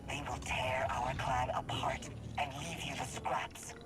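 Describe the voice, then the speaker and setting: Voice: medium pitch, flat delivery, measured pace, loud music behind the voice, natural voice. An actor playing a stern crime clan leader. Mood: contemptuous. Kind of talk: game cutscene dialogue.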